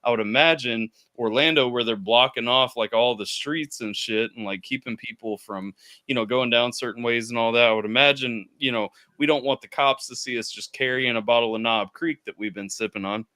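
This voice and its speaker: A man hosts a casual live stream, his voice bright and forward. The sound is dry and close, with no room around it. He tells stories with lots of animation and plenty of swearing. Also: mid-range voice, fairly even intonation, fairly quick, no room sound. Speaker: streamer host.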